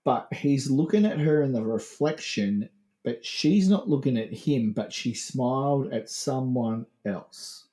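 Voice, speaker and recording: A man's voice: medium pitch, lively intonation, a little slow, mellow. A man co-hosting a casual podcast chat, rambling and playful, laughing often. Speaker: podcast co-host.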